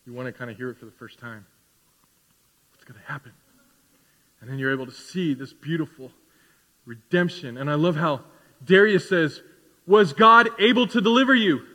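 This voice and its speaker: A man's voice: medium pitch, normal speed, pauses often, a bit bright. A man preaching a sermon as pastor, building to emphatic rising questions. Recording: reverberant hall.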